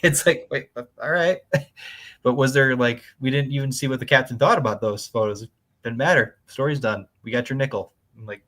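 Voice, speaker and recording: A young man co-hosting a casual comics chat, rambling with lots of fillers and quick laughs. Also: mid-range voice, fairly bright tone. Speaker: podcast co-host.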